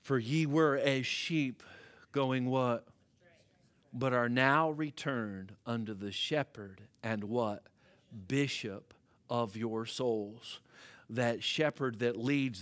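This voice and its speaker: A male pastor with an American accent, preaching a sermon and swinging from hushed, low passages to loud, climbing ones. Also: takes it slowly. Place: church sanctuary.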